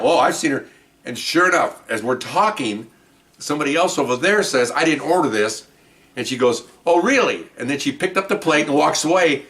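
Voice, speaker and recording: A man spins a casual story for his podcast, rambling and animated, with laughter breaking in now and then. His voice sits at a middle pitch. He is recorded from a little way off the mic. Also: recorded from a distance. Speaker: podcast host telling cop stories.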